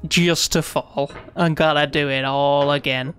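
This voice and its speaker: A man streaming live gameplay, frustrated and swearing, then coaxing himself to stay calm. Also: fairly high pitch, measured pace, faint music behind.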